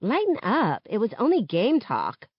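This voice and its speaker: A woman reading a novel aloud, voicing a brash, defensive teenage girl teammate who talks loud and sharp. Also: medium pitch, wildly swooping pitch, measured pace, husky, dry recording, dull audio, voice pushed up, exaggerated voice. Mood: indignant.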